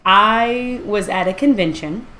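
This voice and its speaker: A woman's voice: mid-range voice, slow, pushed and bright, slight background noise. A woman streaming a video game live, chatting casually and rambling as she reacts aloud to what she sees. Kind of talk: casual live-stream chat while playing.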